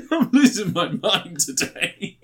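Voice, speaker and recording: A man's voice: sits high, very animated, slow, a bit bright, husky. A man, co-hosting a casual podcast chat, laughing often and swearing freely. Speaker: podcast co-host.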